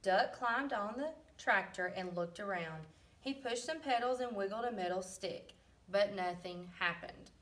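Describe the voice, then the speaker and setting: A woman reading a picture book aloud to children, pausing to ask questions and putting on lively voices for the farm animals. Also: medium pitch, distant mic. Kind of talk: read-aloud storybook with questions.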